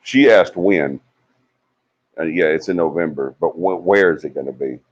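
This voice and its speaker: A man hosts a casual livestream, chatting and teasing as he reads out viewer comments. His voice sits low and deep, and the audio is a little muffled, like a lo-fi stream. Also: normal speed. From Alabama. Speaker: livestream host. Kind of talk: casual live chat reading comments.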